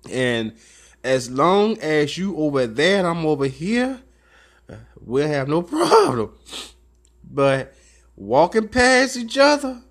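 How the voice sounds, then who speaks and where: A man in his thirties hosting a talk show, telling a story in a casual, animated way and laughing often between lines. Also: a little high, slow, pauses often. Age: 30s.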